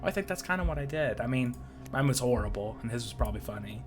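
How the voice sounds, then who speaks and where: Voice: mid-range voice, lively intonation, quick pace, darkish tone, soft background music. A game streamer reading a story game aloud with playful, self-mocking commentary and frequent laughter.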